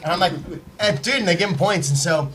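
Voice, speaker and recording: A man telling a story in casual podcast chat, animated and profane, acting out what people said. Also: sits high, fast talker, a loud crowd. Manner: animated, profane, acts out quotes. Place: podcast studio, live.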